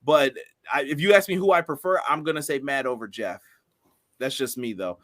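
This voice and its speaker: A man's voice: medium pitch, moderate pace, a bit bright. A man co-hosting a casual wrestling review podcast, laughing often and reading out viewer comments. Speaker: podcast co-host.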